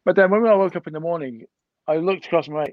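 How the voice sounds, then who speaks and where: A man's voice: fairly high pitch, quick pace, no room sound, phone-quality sound. Middle-aged man telling swearing anecdotes. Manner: lively anecdotal storyteller who swears freely and acts out dialogue. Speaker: podcast guest. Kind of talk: casual storytelling.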